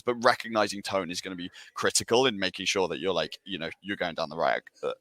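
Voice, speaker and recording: Upbeat man, low bright voice. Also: fast talker, few pauses, no room sound. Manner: enthusiastic, filler-heavy, many restarts. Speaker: sales director co-hosting a Q&A. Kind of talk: casual webinar chat.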